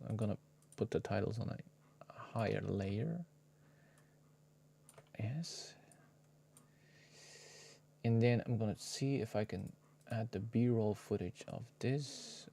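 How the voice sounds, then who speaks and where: Editing a video live, this streamer talks to his audience in a fairly low, gravelly, darkish voice, speaking slowly with frequent pauses. He's relaxed and swears offhandedly, muttering to himself and sometimes dropping to a whisper.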